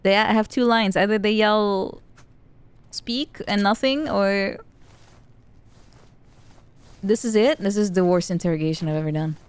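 A woman's voice: mid-range voice, normal speed, pauses often, clear, resonant tone. A woman streaming a stealth video game, chatting playfully with frequent giggles and stammered restarts. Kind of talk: live game commentary.

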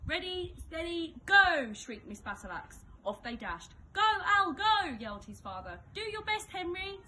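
A woman reads a children's storybook aloud, her pitch swooping widely as she leans into the dramatic moments. Her voice sits mid-range. Clear background noise runs under the whole reading. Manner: expressive, dramatic emphasis. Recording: noisy background.

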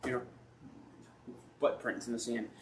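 A man's voice: medium pitch, level tone, measured pace. A man preaching a sermon as pastor, talking conversationally and acting out people's questions to God.

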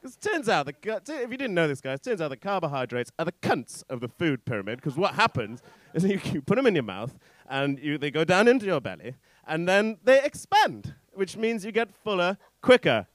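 Animated stand-up comedian, rambling. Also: male voice, fairly high pitch, brisk, few pauses, no echo. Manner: rambling, self-interrupting, teasing the crowd. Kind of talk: stand-up routine. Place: comedy club stage.

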